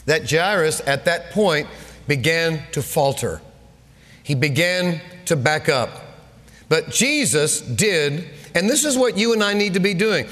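An older man preaching a sermon, repeating his points emphatically and rising to shouts. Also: a little high, long reverb tail.

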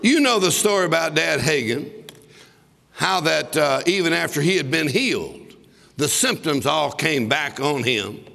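A man's voice: on the high side, expressive, unhurried, gravelly, bright, forceful tone. A man preaching a sermon, telling a story and breaking into bursts of laughter as he exhorts. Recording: long reverb of a large hall.

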